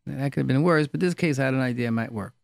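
A rabbi giving an informal class, telling stories and repeating key phrases for emphasis. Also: male voice, medium pitch, racing, creaky, a little mellow, no room sound, clean studio sound.

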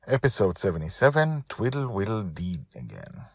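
A man's voice: fairly low pitch, very animated, normal speed, creaky, no room sound. A man who writes and reads his own storybook podcast, talking with eager, rambling enthusiasm. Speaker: podcast author and reader. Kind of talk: storybook narration.

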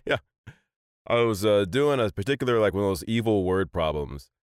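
A man in his thirties, a voice actor, telling stories in a casual chat, animated and laughing often. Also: on the low side, normal speed, clear, resonant tone, no room sound, clean studio sound. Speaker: voice actor guest.

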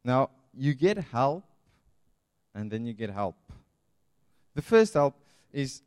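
A man, by birth, delivers an earnest pastoral sermon at an unhurried pace. His voice is smooth and resonant, and the recording is close and dry with no room sound. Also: mid-range voice, sing-song, a little mellow, no echo. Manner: earnest, pastoral, with emphatic slowed phrases. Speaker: preacher.

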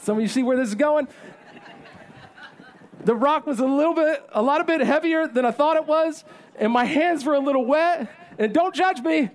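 A man in his thirties preaching a sermon as pastor, telling a self-deprecating story in an animated way. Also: very high voice, moderate pace, long pauses.

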